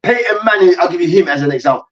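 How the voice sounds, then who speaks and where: A man hosting a heated sports debate, loud and full of swearing, acting out players and coaches as he rants. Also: high voice, animated, very fast. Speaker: host. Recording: distant, dull lo-fi mic.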